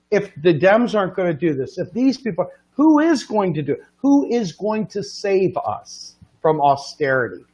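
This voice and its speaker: A man from the United States hosting a livestream, making an earnest, pleading political appeal with repeated questions. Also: high-pitched. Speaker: livestream host.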